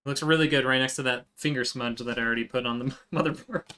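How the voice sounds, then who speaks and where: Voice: mid-range voice, steady tone, fast talker, sharp tone. A live streamer chatting casually with viewers while working, answering chat as they go.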